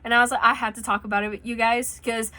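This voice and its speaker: Bright, chatty young woman telling a story. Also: on the high side, flat delivery, quick pace. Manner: rambling, chatty, swears freely. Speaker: vlogger telling a personal story. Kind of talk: casual storytelling monologue. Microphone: phone mic.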